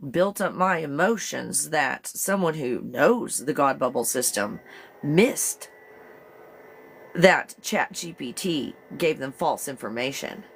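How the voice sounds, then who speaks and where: Woman, live-stream host, rambling casual talk, slightly low voice, quick to laugh. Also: expressive, gravelly, husky. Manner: chatty, rambling, laughs often.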